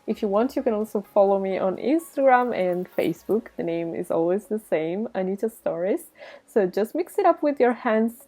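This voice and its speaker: A woman's voice: medium pitch, warm tone. A woman from Italy with an Italian accent, chatting through a casual craft tutorial and explaining each step with frequent giggles. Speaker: slime-making vlogger.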